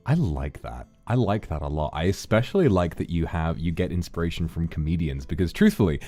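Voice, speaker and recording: A man's voice: low voice, animated, fairly quick, dark tone, soft background music. A man hosting a casual chat on stream, easygoing and thoughtful. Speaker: streamer hosting a talk segment.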